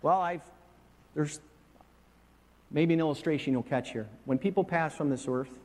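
A man preaching a sermon as pastor, swinging from hushed, slow words to soaring, emphatic ones. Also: on the high side, in a large hall.

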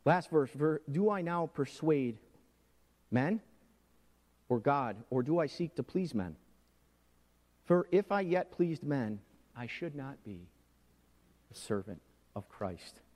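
Man, pastor, sermon, slightly high voice, hushed asides then loud emphatic preaching, long hall reverb. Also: animated, takes it slowly, pauses often.

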